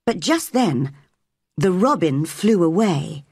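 Brief: woman storyteller, husky tone, lively pitch, unhurried, dry close recording. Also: dry recording. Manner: clear, careful storytelling. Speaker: narrator. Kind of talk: slow storybook reading for English learners.

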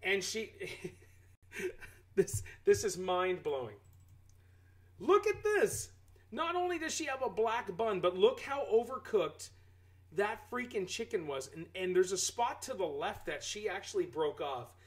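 A man's voice: sits high, unhurried, rough recording. Streamer guy chatting to his viewers, ranting and exclaiming, voice jumping all over. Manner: animated, exclaiming rant to chat. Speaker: live game streamer. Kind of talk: casual live-stream chat.

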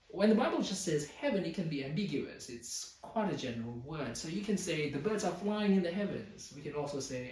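A male pastor preaching a sermon, explaining scripture with lively emphasis and playful asides. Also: fairly high pitch. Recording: roomy hall, voice a bit far from mic.

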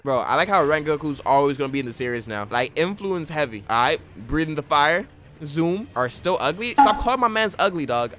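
A young man giving excitable anime reaction commentary with a slangy, joking manner. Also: a little high.

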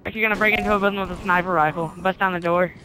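A man's voice: high voice, fairly even intonation, rapid-fire, bright, forceful tone. A teenage boy bantering playfully with friends during an online game. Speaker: gamer. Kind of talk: casual gaming chat. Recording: noisy game audio.

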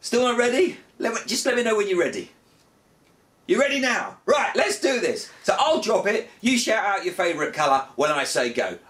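A man performing comic magic patter for children, playing mock-frustrated and breaking into big excited cheers. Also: high-pitched, moderate pace, recorded from a distance.

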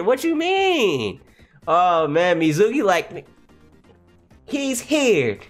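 Excitable, lively-voiced man reacting. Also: drawn-out words, pauses often, soft background music. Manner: excitable, profane, laughs a lot, jumps between high and low voices. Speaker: comic reaction streamer. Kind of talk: live reading and reaction.

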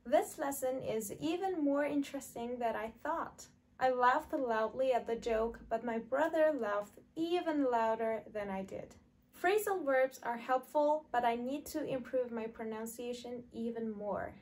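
A woman teaching an online English lesson, modeling example sentences slowly and clearly for learners to repeat. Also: on the high side, darkish tone.

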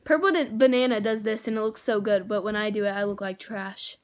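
A woman's voice: mid-range voice, steady tone, fairly quick. A young woman, gushing over toys in a casual vlog and saying "like" and "oh my gosh" a lot. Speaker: vlogger. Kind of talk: excited haul vlog.

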